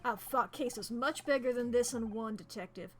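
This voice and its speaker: A woman voicing an arrogant male lawyer who owns a yacht in a video game, loud and indignant. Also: on the high side, moderate pace, a little hiss or hum, close to an everyday voice.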